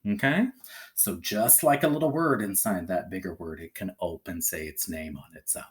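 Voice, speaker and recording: A man teaching a phonics lesson to young children, sounding out each letter patiently and checking in cheerfully. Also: moderate pace. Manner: lively pitch, rising on cheerful check-ins.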